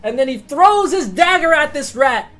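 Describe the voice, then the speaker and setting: An excitable woman game master narrating dice rolls and combat. Her voice is high and animated, jumping between muttered asides and sudden loud outbursts, with frequent swearing. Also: soft background music. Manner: excitable, swearing, quick swings of loudness.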